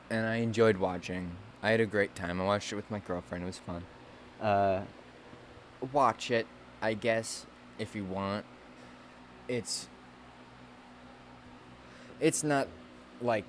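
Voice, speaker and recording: A man's voice: lowish voice, a little hiss or hum. A man in a casual, comedic rant about a movie, rambling, restarting sentences and trailing off. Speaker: movie vlogger.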